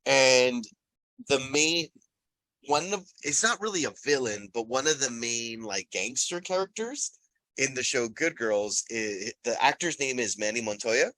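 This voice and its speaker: Bright-voiced man telling a rambling story. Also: medium pitch, expressive, measured pace, dry recording, poor audio. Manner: rambling storyteller, swears casually, laughs often. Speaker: podcast co-host. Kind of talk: casual chat.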